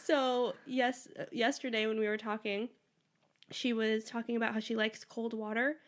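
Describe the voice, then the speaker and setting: Young woman on a podcast, kinda high voice, lively storyteller, laughs a lot. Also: normal speed. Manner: animated storyteller, acts out a child's lines, laughs often. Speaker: podcast co-host. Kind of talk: casual chat.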